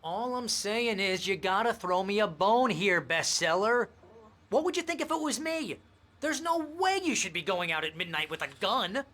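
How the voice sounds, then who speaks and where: A man's voice: sits high, big pitch swings, moderate pace, sharp tone, heavily acted. An actor playing a fretful, sarcastic male literary agent in a video game, talking in a whiny, worried way. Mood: pleading. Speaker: game character.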